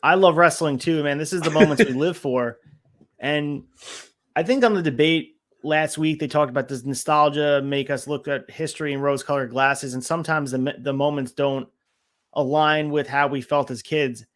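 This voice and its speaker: A man on a casual podcast with a voice pitched a little above the usual. He works through his notes one point after another in an even, methodical way. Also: moderate pace. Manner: methodical, walks through notes on each segment. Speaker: podcast co-host.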